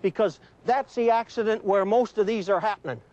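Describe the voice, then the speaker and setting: A man's voice: high voice, brisk, darkish tone, no room sound. A middle-aged man, a retired police trooper, telling true stories to students in a folksy, conversational lecture. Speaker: retired police trooper giving a safety talk. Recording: dull lo-fi early 1980s film audio.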